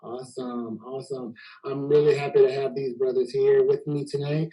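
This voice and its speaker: A man's voice: medium pitch, level tone, moderate pace, mellow, low-quality recording. A man from Texas hosting a casual panel discussion, easygoing and joking, often repeating words as he gets going. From Houston, Texas. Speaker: host.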